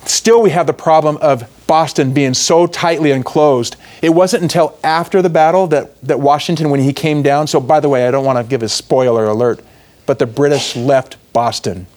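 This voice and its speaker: A man's voice: fairly high pitch, normal speed. Man telling history as a sermon. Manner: lively storytelling with asides and laughs. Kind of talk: religious talk on history.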